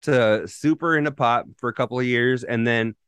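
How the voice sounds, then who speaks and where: Male podcast co-host, mid pitch, dry close sound, rambling profane storyteller. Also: normal speed, a bit bright, clean tone, no echo. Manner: loose, profanity-heavy storytelling with rambling restarts. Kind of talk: casual chat.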